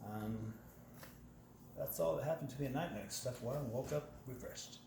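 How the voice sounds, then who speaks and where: Gravelly man, noisy echoey outdoors. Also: mid-range voice, normal speed. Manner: brief, matter-of-fact. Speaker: camp attendee giving testimony. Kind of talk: personal testimonial.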